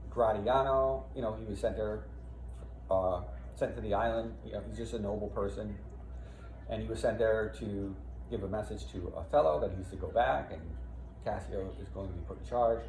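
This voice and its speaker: A man's voice: lowish voice, warm tone, slight background noise. A man teaching a play, reading lines and explaining them casually with frequent "right?" asides. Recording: echoey room, faint ambience.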